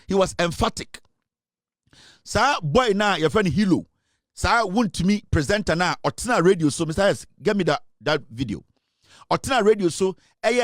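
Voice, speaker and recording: A man with a Ghanaian accent hosting political commentary, forceful and emphatic, switching between English and Twi. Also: high-pitched, no echo, studio quality.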